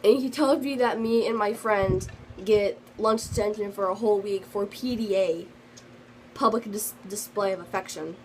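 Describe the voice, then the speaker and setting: A woman's voice: medium pitch, normal speed, a little mellow, a little hiss or hum, poor audio. A teenage girl telling a storytime vlog in a rambling, casual way, full of fillers, and slightly sick. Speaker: vlogger.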